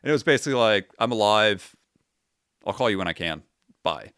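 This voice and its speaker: Man, thirties, podcast guest, lowish voice, dry close mic, casual, swears a lot, acts out quotes. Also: animated, brisk, a bit bright, clear, resonant tone, no room sound. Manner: profane, wry, re-enacts his own quotes. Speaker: podcast guest, retired Army sergeant. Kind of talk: casual storytelling interview.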